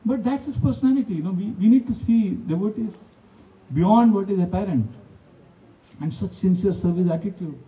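Casting: monk with telling devotional stories, mellow and fairly high voice; dull recording, far from the mic. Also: male voice, normal speed. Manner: storytelling, animated, laughs often, acts out quotes. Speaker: monk giving a talk. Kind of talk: devotional talk with personal anecdotes.

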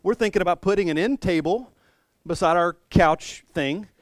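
A chatty everyday customer from the first century asks about commissioning furniture, as a preacher plays him. The voice is slightly high and casual. It is recorded dry and close. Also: male voice, normal speed, no room sound, close to an everyday voice. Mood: inquiring.

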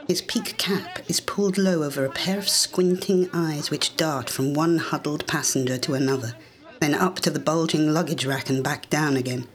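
Measured audiobook narrator. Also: mid-range voice. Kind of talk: scripted story narration.

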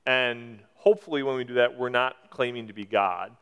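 A man in his forties preaches from a church, explaining his points in a conversational way and pushing up for emphasis. His voice is smooth and clear at a middle pitch. It rings with a long reverb through the hall. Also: moderate pace, fairly bright tone. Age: 40s. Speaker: pastor. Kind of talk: sermon.

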